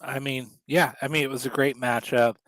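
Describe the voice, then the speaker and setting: A man co-hosting a wrestling show, talking in a halting way with lots of fillers. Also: medium pitch, fairly even intonation, fairly bright tone, no echo, rough recording. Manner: halting, filler-heavy talk. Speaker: co-host. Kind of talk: casual chat.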